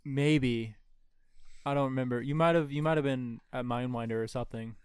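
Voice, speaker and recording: A man's voice: medium pitch, normal speed, darkish tone, clean tone, no echo, studio quality. A young man telling work stories in casual chat, laid-back and swearing freely.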